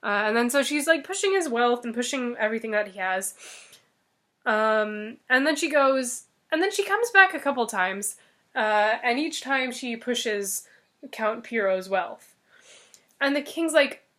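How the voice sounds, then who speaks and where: A woman's voice: on the high side, animated, measured pace, a bit bright. A woman casually retelling a fairy tale, joking and chatty with plenty of filler words. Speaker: storyteller.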